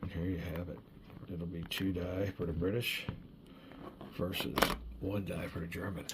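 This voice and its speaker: Deep gravelly man narrating a board game. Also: moderate pace, very noisy. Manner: relaxed, chatty, thinks aloud while rolling dice. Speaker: board game player and channel host. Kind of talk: solo wargame playthrough commentary.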